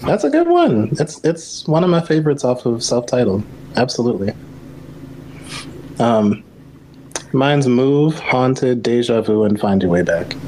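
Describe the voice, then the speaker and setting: Young male podcast co-host, pitch swinging up and down, relaxed and laughing, faint background hiss. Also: unhurried. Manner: easygoing, laughs often, lively reactions. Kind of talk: casual chat.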